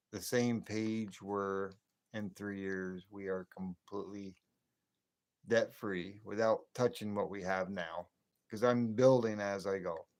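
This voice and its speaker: This livestream host has a lowish, slightly mellow voice. He's a man in his late fifties from the northern US close to the Canadian border, rambling chattily late at night and chuckling to himself.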